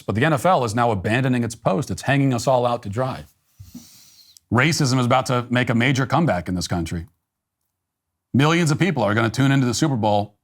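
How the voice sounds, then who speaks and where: A middle-aged man hosting a political talk show, delivering a sarcastic monologue in a deadpan, mock-earnest manner. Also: mid-range voice.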